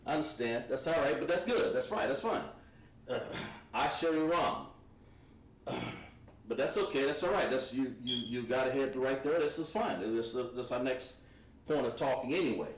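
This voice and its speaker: A man teaching a language class, patient and encouraging, sounding out words slowly at a board. His voice is at an ordinary pitch and comes from a distance. The room gives it a noticeable echo. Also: animated. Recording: echoey room, voice from far off.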